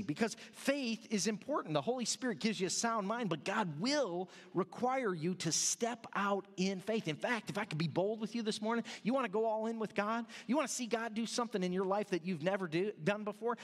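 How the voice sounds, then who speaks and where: A male pastor delivers a sermon like a relaxed conversation, slipping in jokes and stumbling through restarts as he goes. His voice sits high for a man. A long reverb trails every phrase, like a big sanctuary. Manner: conversational, joking preaching with many restarts.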